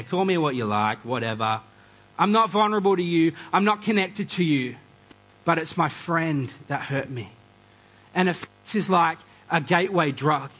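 Husky-voiced man preaching. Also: fairly high pitch, poor audio. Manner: animated, conversational preaching with quoted voices. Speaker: pastor. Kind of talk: sermon.

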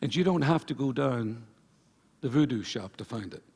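Gravelly, husky male pastor preaching. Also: medium pitch, lively intonation, moderate pace, a little mellow. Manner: emphatic preaching with repeated phrases. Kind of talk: sermon. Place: church service before a congregation.

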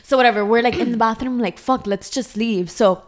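A young woman co-hosting a podcast, telling a story in a lively, casual way and swearing a lot. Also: fairly high pitch, a little fast. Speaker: podcast co-host.

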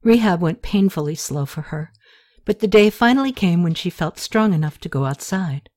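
This scripted audiobook narration is read by a woman with a fairly low pitch, her storytelling steady and measured.

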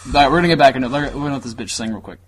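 A young man co-hosting a podcast in crude, jokey banter, loud and profane, recorded on cheap gear. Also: medium pitch, background noise. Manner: loud, profane, jokey, puts on quick voices. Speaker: podcast co-host. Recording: cheap mic in a room, voice sometimes far.

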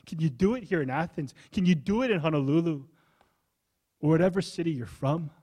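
A male pastor preaching a sermon in a church, impassioned, moving from hushed to high pleading. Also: husky.

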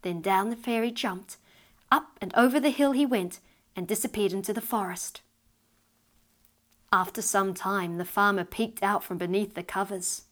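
A woman reads a fairy story aloud in a mid-pitched voice. Her telling is lively and expressive, rising in energy at the tense moments. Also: normal speed. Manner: lively, expressive reading that rises with tension. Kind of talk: storybook narration read aloud.

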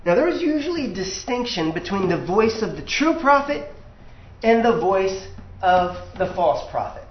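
High-voiced preacher in an echoey room. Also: male voice, moderate pace, slight background noise. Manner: animated, acts out quoted voices. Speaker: pastor. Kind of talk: sermon. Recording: echoey room, dull lo-fi sound.

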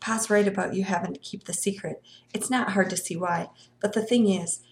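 An eager seventeen-year-old country boy, put on by a woman reading aloud. He coaxes in a folksy drawl, and the voice has a gravelly edge. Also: medium pitch, fairly even intonation, a little fast, lightly acted. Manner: eager, coaxing, folksy speech.

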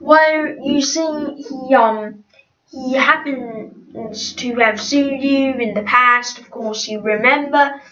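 A woman voicing a stiff, formal hotel desk clerk who clears her throat, recorded from a distance in an echoey room. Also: high voice, slow, a bit bright. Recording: distant, roomy, dull lo-fi.

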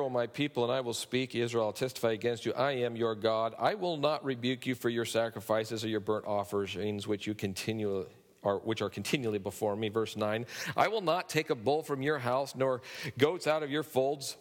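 A man's voice: medium pitch, moderate pace. A man preaching a sermon to his congregation, building to emphatic peaks and turning to them with asides. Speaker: pastor. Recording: long reverb of a large hall.

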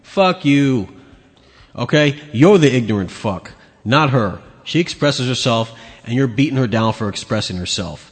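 A man's voice: medium pitch, animated, a little slow, slightly rough. Angry, profane ranting man. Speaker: podcast host. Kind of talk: ranting commentary on video clips. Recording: long hall reverb.

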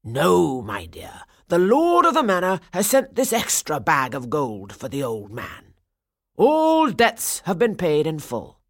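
A woman's voice: low-pitched, huge pitch swings, takes it slowly, heavily acted. A woman voicing a genial, portly male town mayor who speaks in a stately, reassuring way, in a storybook reading.

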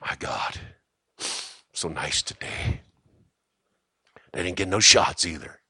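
A middle-aged man preaching a sermon in a church, moving from quiet asides to shouting and joking with the congregation. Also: low voice, slow, husky, no echo, clean studio sound. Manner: jokes with the congregation. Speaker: pastor. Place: church sanctuary.

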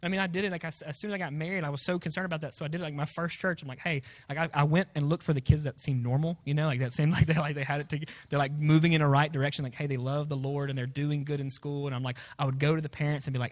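A man's voice: fairly high pitch, fairly even intonation, fast talker. A young man preaching to students, rambling and self-deprecating, full of fillers. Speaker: youth pastor. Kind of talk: sermon to students.

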